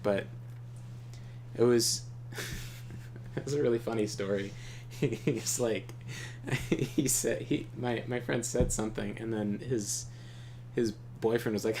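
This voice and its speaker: Casual male gaming host, mid-pitched, rambling profane storyteller. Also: fairly even intonation, slow pace, long pauses, a little mellow, a little hiss or hum. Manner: rambling, profane, laughing often. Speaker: co-op gameplay host.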